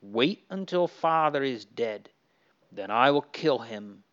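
A man voicing the rough young hunter Esau, loud and pleading in a slightly raised voice, on a dull lo-fi recording. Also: medium pitch, expressive, takes it slowly. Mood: threatening. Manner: loud, pleading, then threatening.

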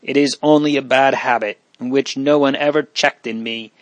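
A man's voice: mid-range voice, steady tone, moderate pace, dry recording, natural voice, low-quality recording. Man voicing young countess, proud yet pleading, earnest, dry close sound. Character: proud young countess, haughty but remorseful.

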